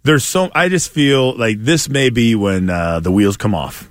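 A man's voice: medium pitch, no room sound, clean studio sound. A man co-hosting a sports talk show, wisecracking and mocking in casual banter. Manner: wisecracking, mocking, quick jokes. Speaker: sports radio co-host.

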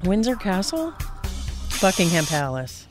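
A woman contestant answers trivia in short, tentative words. She speaks slowly with a lively, varied pitch, and clear music plays behind her. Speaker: quiz contestant.

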